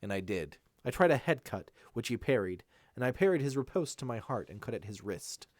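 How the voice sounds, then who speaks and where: Lively man reading a fantasy novel aloud. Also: medium pitch, brisk, no room sound, studio quality. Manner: first-person narration with occasional slips and retakes. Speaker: amateur audiobook reader.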